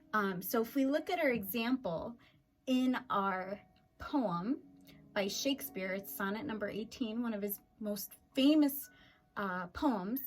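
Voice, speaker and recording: A woman teacher explaining poetry in a video lesson, upbeat and explanatory, tapping out beats as she goes. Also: a little high. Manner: clapping out syllables, upbeat and explanatory. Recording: faint music in background.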